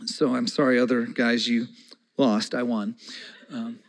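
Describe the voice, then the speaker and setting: A man in his forties preaching a conversational sermon as a pastor, moving between soft, slow passages and loud, excited ones. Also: mid-range voice, poor audio.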